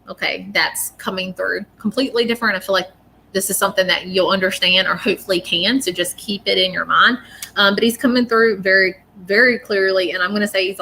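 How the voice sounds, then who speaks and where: A woman's voice: medium pitch, sharp tone, slight background noise. A woman gives a live-stream psychic reading, chatty and often checking in with "okay?". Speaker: psychic medium.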